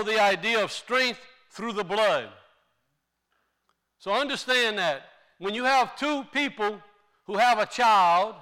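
Man, preacher, high bright voice, smooth, deliberate sermon teaching. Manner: slow, deliberate teaching with emphatic rises.

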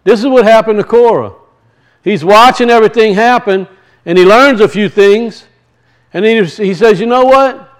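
A man's voice: sits high, normal speed. A man teaching the weekly Torah portion as a sermon, earnest and repeating key phrases for his listeners. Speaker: Bible teacher.

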